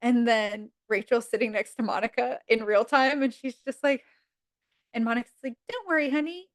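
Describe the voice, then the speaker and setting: Animated woman with a bright, dry voice. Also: normal speed, no room sound. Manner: animated retelling, jumps high in pitch to act out characters; frequent fillers like "um" and "like". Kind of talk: casual podcast chat. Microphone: podcast mic.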